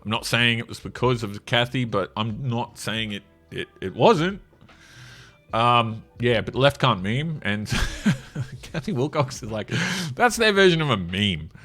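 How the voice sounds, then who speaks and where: A man's voice: medium pitch, animated, a little slow, a bit bright. A man giving sarcastic, mocking commentary while scrolling through a social media feed. He laughs often.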